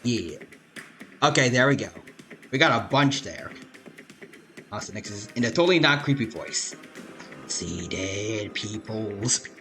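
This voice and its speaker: Streaming a turn-based game with its music playing behind him, a man casually talks himself through each move, full of fillers and restarts. His medium-pitched voice is expressive, pushed and bright, moving at a moderate pace with long pauses.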